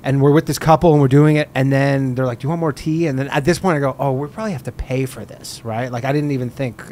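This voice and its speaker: A man's voice: mid-range voice, fast. A man in his thirties chatting casually, telling stories with swearing and laughter. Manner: animated storyteller, swears, laughs through punchlines. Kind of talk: casual chat.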